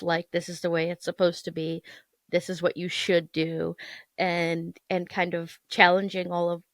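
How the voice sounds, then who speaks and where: A woman's voice: mid-range voice, fairly bright tone, no room sound, studio quality. A woman in her thirties from Michigan, a guest on a podcast, talking in a rambling, self-deprecating way and laughing often. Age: 30s. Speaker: guest, content creator. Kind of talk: casual interview chat.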